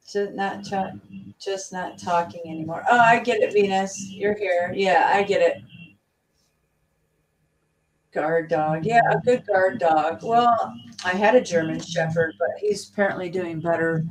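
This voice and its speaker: A woman hosting a casual livestream chat, rambling with many halting restarts. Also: on the low side. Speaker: livestream host. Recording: distant mic with faint noise.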